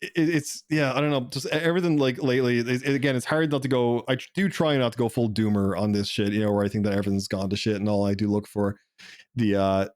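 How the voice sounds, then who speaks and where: A man's voice: mid-range voice, steady tone, fast, darkish tone, dry recording, clean studio sound. An Irish man chatting casually on a podcast, rambling and swearing a lot, often breaking into laughter. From Ireland. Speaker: podcast guest.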